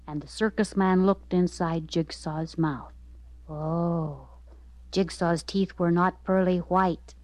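A woman narrating a children's story aloud in an expressive, lively way. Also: lowish voice, slow, no echo.

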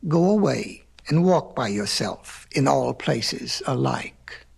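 A man's voice: medium pitch, lively intonation, slow pace, gravelly, husky, faint music behind, voice pushed down, heavily acted. A man voicing a wise, mocking cave woman who sets the terms in a storybook reading. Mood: scornful. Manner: mocking, commanding.

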